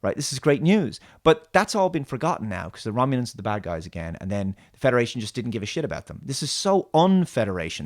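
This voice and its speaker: A man's voice: fairly low pitch, no echo, studio quality. A man hosting a solo show, rambling through a sarcastic, mocking commentary rant. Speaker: host.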